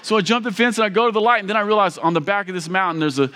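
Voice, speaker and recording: Loud high-voiced preacher in a reverberant hall. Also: male voice, rapid-fire. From Kentucky. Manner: animated, rambling, self-mocking with many restarts. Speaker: pastor. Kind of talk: sermon storytelling.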